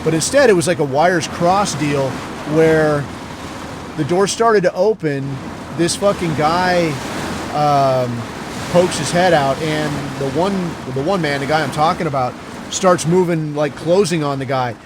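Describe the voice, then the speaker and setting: A man hosting a podcast, telling stories in a crude, rambling monologue full of swearing and deadpan asides. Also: fairly high pitch, measured pace, background noise. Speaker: podcast host. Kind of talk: profane casual storytelling monologue.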